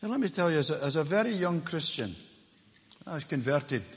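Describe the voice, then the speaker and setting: Scottish preacher in a reverberant church. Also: male voice, fairly high pitch, animated, a little fast. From Lanarkshire, Scotland. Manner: emphatic, swinging between loud declarations and hushed asides. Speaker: visiting preacher. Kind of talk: sermon.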